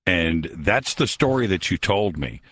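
A man hosting a late-night radio talk show from a studio, introducing his guest and asking him questions with energetic promo-style delivery. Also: low-pitched, a little slow, husky.

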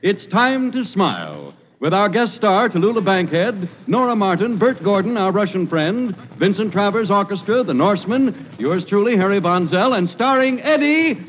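Fairly high-voiced male radio announcer. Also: sing-song, moderate pace, few pauses, slight background noise. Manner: smooth formal announcing, amiable straight man. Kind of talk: 1940s radio announcing and banter. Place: live radio show at an army post. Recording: muffled old radio broadcast.

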